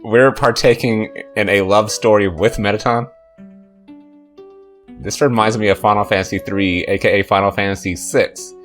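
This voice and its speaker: Low-voiced man joking over gameplay. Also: fairly even intonation, moderate pace, a bit bright, faint music behind. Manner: jokey, sarcastic running commentary. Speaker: let's play host. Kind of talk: casual game commentary.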